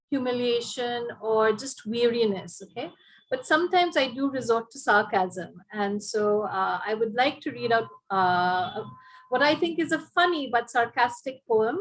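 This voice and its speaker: High-voiced woman poet reading. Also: a bit bright, rough recording. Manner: chatty, hesitant asides before reading. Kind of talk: poetry reading.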